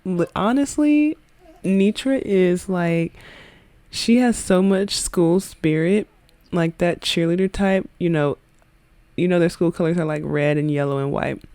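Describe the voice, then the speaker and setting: A woman's voice: lowish voice, unhurried, warm tone, dry recording. A woman giving casual let's-play commentary on a life-sim game, chatty, slangy and giggly. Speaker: gaming video creator.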